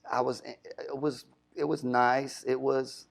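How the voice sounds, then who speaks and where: A young adult radio DJ with a creaky, mid-range voice tells stories slowly and casually during an interview. He's an animated storyteller who acts out the voices of the people he quotes.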